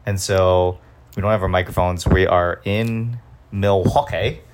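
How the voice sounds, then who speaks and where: A man's voice: low-pitched, fairly even intonation, a little slow. A man hosting a casual podcast chat, explaining things at length with restarts, recorded on a phone. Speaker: podcast host. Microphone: iPhone. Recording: phone recording with background noise.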